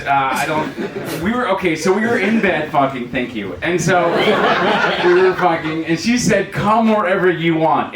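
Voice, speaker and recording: A young man doing a stand-up set, self-deprecating with dark jokes and loud shouted punchlines. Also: a little high, distant mic, a little hiss or hum. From New York City. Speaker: stand-up comedian. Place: comedy club stage, live crowd. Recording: roomy live club audio with crowd laughter.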